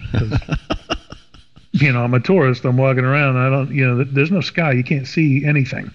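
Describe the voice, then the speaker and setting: A middle-aged Washington, D.C. man appears as a podcast guest, animatedly telling a story in casual conversation and acting out the voices of its people. He speaks at medium pitch and fairly quickly, captured in dull lo-fi sound with long reverb.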